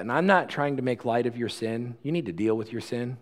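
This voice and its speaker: A man's voice: medium pitch, fairly quick. A male pastor preaching a sermon about communion, earnest and conversational, often restarting his phrases.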